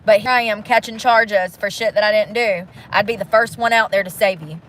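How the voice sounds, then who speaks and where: A woman's voice: medium pitch, steady tone, a little fast, a bit bright, a little hiss or hum. A young woman venting and swearing to her phone camera from inside a parked car during rain. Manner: frustrated, swearing, ranting. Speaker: vlogger living in her car. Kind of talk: venting vlog.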